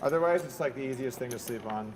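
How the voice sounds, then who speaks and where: A man from Italy with an American accent, chatting in a relaxed, friendly way at a poker table. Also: medium pitch, fast, noisy background. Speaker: poker player. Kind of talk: casual table chat.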